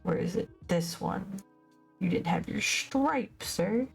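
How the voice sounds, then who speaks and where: A woman's voice: mid-range voice, animated, slow pace, creaky, slightly rough. A young woman streaming as she paints, chatting in a rambling way and often stumbling over her words. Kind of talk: casual livestream chat while painting. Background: faint music.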